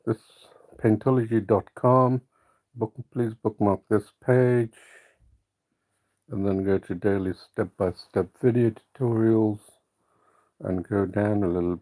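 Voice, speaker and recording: A man with a deep, gravelly voice hosts a live stream drawing tutorial. His tone is dark and mellow. He rambles easily and corrects himself as he goes. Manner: relaxed, rambling, self-correcting. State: hiccuping.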